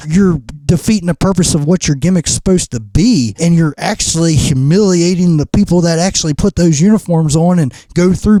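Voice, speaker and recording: A man's voice: a little high, dark tone, dry recording. A middle-aged man, a pro wrestler and trainer, ranting bluntly and profanely in a podcast interview.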